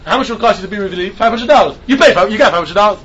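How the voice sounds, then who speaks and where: A man with a high, sharp, bright voice gives a Talmud lesson in English. He keeps asking himself questions, answers them, and goes over each point again. The recording is dull and lo-fi. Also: lively intonation, very fast, breathy edge. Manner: asks and answers his own questions, repeats points. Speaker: Talmud teacher. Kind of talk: lecture on Talmudic texts.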